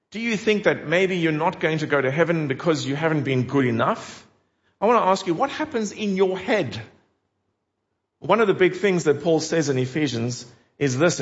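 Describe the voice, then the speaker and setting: A man preaching a sermon in an earnest, emphatic way, putting direct questions to his listeners. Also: a little high. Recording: dull lo-fi recording.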